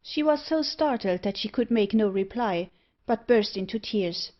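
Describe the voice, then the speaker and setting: A woman narrating a gothic novel audiobook in a measured, expressive reading. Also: mid-range voice. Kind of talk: scripted narration. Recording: dull lo-fi audio.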